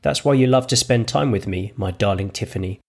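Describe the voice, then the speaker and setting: A man putting on a naive giggly young woman, lilting and bright, gravelly undertone, storybook reading. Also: lowish voice, brisk. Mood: innocent, chirpy.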